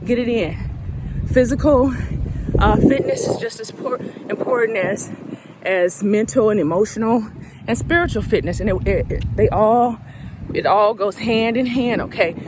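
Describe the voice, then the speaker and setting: Against a noisy background, a slightly breathless woman recovery coach gives a motivational talk straight to camera. Her mid-range voice moves at a moderate pace, and she drives her points home emphatically and preachily, repeating them.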